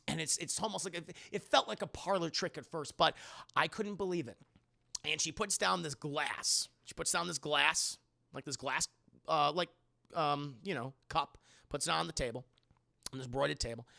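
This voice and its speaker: A man's voice: on the high side, normal speed, creaky, bright, forceful tone. A man casually retelling a movie scene as a reviewer, rambling with many restarts.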